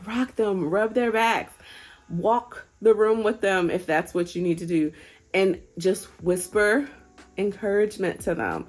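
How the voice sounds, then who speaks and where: Earnest young mom, low-pitched voice. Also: female voice, husky. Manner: earnest, conversational, gently encouraging. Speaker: parenting vlogger. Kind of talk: casual advice talk.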